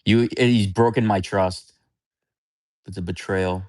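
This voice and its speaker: A man's voice: sits low, fairly even intonation, a little slow, darkish tone, no room sound, clean studio sound. A man hosting a livestream, chatting casually with viewers in a candid, rambling, blunt way. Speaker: livestream host.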